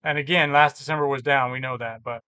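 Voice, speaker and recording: A man's voice: mid-range voice, steady tone, fast, pushed and bright, smooth, no room sound. A man vlogging about his reselling business, walking through sales numbers on screen in a casual, think-aloud way with self-corrections. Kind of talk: casual screen-share walkthrough.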